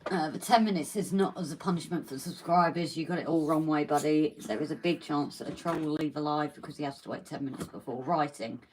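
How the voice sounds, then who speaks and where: A woman's voice: deep voice, quick pace, few pauses, slight background noise, poor audio. A woman co-hosting a casual live stream, reading out viewer comments and greeting them as darling and lovely.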